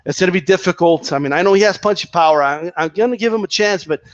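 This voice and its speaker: A man doing a mocking impression of a podcast host, with a lower, hesitant and mumbling voice. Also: fast talker, no echo, highs cut off, natural voice.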